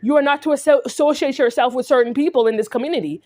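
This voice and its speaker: A woman from California vlogs an angry, confrontational rant straight to camera in a high, slightly dark voice at a quick pace. The rant is repetitive, and "right?" comes up again and again.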